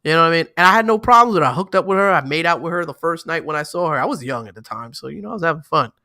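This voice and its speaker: Bright-toned New man in casual chat. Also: on the high side, animated, racing, dry recording, studio quality. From New York. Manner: loose, boastful storytelling with slang. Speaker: podcast co-host.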